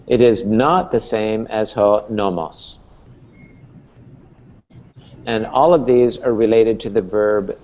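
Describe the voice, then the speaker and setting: A man's voice: lowish voice, darkish tone, dull audio. A man teaching a Greek class as professor, explaining patiently and checking in with "okay?" and "right?". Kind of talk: classroom lecture.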